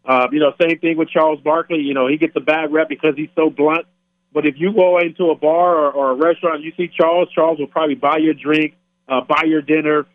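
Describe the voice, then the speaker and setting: A man guest on a sports radio show, talking in a relaxed, rambling way with many fillers over the phone. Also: fairly high pitch, fast talker, dry recording. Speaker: guest on sports radio, former football player. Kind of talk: casual phone interview. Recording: tinny phone line.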